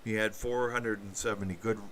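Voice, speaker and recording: A man's voice: on the low side, fairly even intonation, a little fast, fairly bright tone, slight background noise. A man hosting a rambling political commentary livestream, talking in a meandering way with many fillers and sardonic asides. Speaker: channel host.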